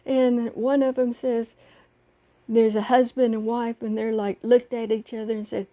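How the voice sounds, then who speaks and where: A woman vlogger retelling a story in a casual, earnest way and encouraging her viewers. She talks slowly with a mellow, somewhat high voice. It is recorded on a phone. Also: level tone, dull audio.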